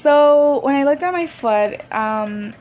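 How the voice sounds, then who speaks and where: A woman's voice: sits high, expressive, takes it slowly, darkish tone, slight background noise. A young woman vlogger telling a personal story in a rambling, conversational way, with many fillers. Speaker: YouTuber. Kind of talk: casual storytime vlog.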